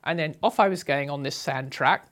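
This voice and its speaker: A woman's voice: low-pitched, moderate pace. Older woman telling travel stories. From England (Sussex). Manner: chatty, anecdotal, laughs often between phrases. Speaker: traveller recounting her journey. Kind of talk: conversational travel memoir.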